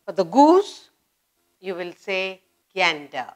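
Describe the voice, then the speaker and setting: A woman with an Indian English accent teaching an English grammar lesson to children, repeating words slowly with emphasis. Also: fairly low pitch, very animated, darkish tone.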